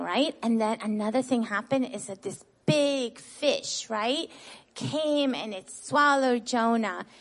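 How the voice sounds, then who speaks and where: A woman with a high-pitched voice teaches children a Bible lesson, retelling the story in a lively, expressive way. She tags nearly every sentence with "right?" and asks the children questions before answering them herself.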